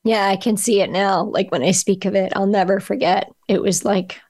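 A middle-aged woman, a podcast guest, telling a personal story in a halting way, often restarting and searching for words. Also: medium pitch, steady tone, darkish tone.

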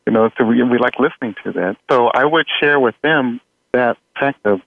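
A man, an audio engineer guest in an interview, talking in a relaxed way with frequent fillers and small laughs. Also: mid-range voice, moderate pace, vocal fry, dry recording. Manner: relaxed, chuckling, many fillers. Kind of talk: conversational interview. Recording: tinny phone-like line.

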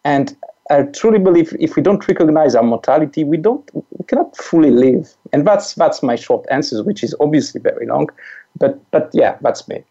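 A man's voice: a little high, expressive, normal speed, mellow, husky. A man in his forties with a French accent, a guest chatting casually and often repeating words as he searches for them. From France. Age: 40s. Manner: repeats words, laughs as he talks. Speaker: podcast guest, life coach. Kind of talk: casual conversation. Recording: dull lo-fi audio.

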